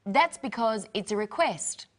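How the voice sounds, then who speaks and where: A woman's voice: mid-range voice, expressive, a little slow, fairly bright tone. Woman co-presenter explaining plainly. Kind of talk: casual scripted chat.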